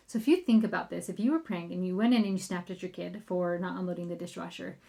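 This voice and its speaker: A woman's voice: fairly low pitch, fast talker, creaky, dark tone. A woman in her thirties, a parenting coach hosting a solo podcast, upbeat and chatty, addressing listeners as friends.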